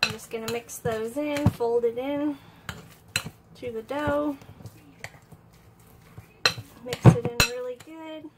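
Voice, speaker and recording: A woman's voice: high-pitched, steady tone, slow pace, pauses often, very noisy. A woman chatting folksily through a cooking demonstration in her home kitchen, sniffling a little from allergies. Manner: chatty, folksy, keeps saying "y'all".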